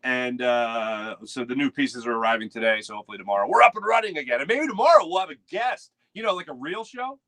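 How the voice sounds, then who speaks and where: Bright-voiced chatty sports show host. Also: male voice, medium pitch, lively intonation, fast talker, hardly any pauses, no room sound. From United States. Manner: rambling, chatty, reads out chat names. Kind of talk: casual live morning sports show. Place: home studio with webcam.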